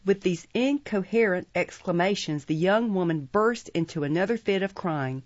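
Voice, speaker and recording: A woman narrating a classic novel as an audiobook in a measured, steady storytelling manner. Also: on the low side, dry recording. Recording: dry, dull muffled audio.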